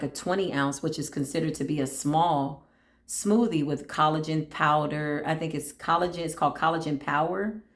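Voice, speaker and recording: A middle-aged woman chats about spirit and everyday stories, slipping into other people's voices as she tells them. She talks from a room with a noticeable echo. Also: deep voice. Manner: animated storytelling, acts out voices, laughs often. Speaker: spiritual reader. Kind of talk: casual spiritual talk. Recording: echoey room.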